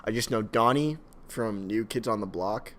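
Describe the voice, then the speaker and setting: A man's voice: on the low side, normal speed, fairly bright tone, a little hiss or hum. A young man co-hosting a podcast in loose, rowdy, profane chat, laughing and slipping into impressions. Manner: rowdy, swearing, doing jokey impressions. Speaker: podcast co-host. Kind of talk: casual chat.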